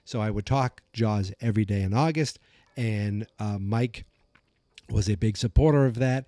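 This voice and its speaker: A man with an American accent hosting a podcast in a calm, rambling casual chat, often correcting himself. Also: fairly low pitch, normal speed, dry recording. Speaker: podcast host.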